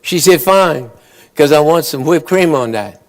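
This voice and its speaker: At a conference awards ceremony, a man with a fairly high, expressive voice tells long, folksy joke stories a little slowly. As an after-dinner joke teller, he briefly acts out his characters' lines.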